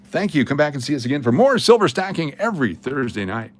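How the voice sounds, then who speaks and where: A man's voice: fairly high pitch, very animated, fast, slight background noise. A man hosting a coin roll hunting livestream, rambling, joking and answering his chat as he works. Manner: rambling, jokey, talks to chat.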